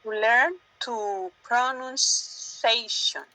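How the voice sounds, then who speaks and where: A woman student speaking halting, hesitant English to her teacher in an online class. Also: a little high, crowd noise, poor audio.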